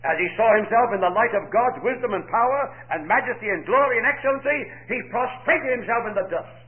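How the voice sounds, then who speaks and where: High-voiced man preaching on a tinny recording. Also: fairly quick. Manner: emphatic, with rhetorical questions and scripture in old-fashioned English. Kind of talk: sermon. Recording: tinny narrow-band recording.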